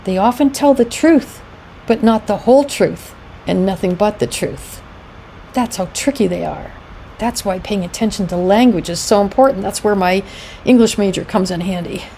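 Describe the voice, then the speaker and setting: A middle-aged woman presents an educational talk in a loose, conversational way, full of fillers and acted-out quotes. Her voice is mellow and soft-edged, set at an ordinary middle pitch. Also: normal speed, vocal fry, a little hiss or hum, rough recording. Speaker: founder of a domestic abuse support group, presenter.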